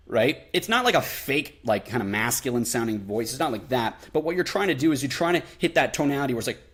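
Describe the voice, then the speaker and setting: A man's voice: mid-range voice, expressive, fast talker, hardly any pauses, fairly bright tone. A young man answering viewer questions on a live stream, chatty with lots of fillers, acting out different tones of voice. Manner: casual, many fillers, acts out tones of voice.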